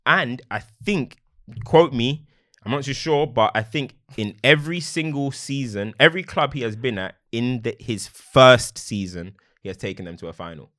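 Animated man talking football. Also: medium pitch, moderate pace. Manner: animated, laughs often, slangy. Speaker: podcast co-host. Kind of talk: casual football chat.

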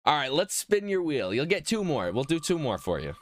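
A man's voice: on the high side, big pitch swings, fairly quick. A man from Massachusetts running a word game on a casual podcast, chiming in with lots of "yeah". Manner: runs the game, repeating "yeah" a lot.

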